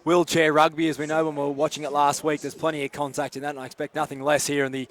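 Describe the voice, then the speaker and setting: A man's voice: a little high, little pitch movement, fairly bright tone. A man giving colour commentary, chatty and enthusiastic about the players. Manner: chatty, quick, enthusiastic asides. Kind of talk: live sports commentary.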